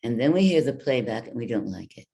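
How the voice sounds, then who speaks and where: A woman voice coach giving a workshop talk, speaking deliberately and guiding the listeners through exercises with demonstrations. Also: a bass voice, very animated, dark tone. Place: virtual workshop from home.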